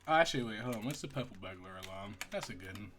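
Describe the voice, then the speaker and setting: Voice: mid-range voice, animated, rapid-fire, a bit bright. A streamer chatting casually during a livestream, giggly and rambling. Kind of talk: casual gaming livestream chat.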